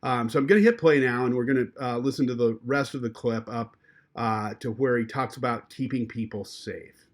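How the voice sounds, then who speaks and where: Relaxed man talking through a software tutorial. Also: mid-range voice, moderate pace. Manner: relaxed, with frequent fillers. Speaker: journalism instructor. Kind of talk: screen-recorded software tutorial.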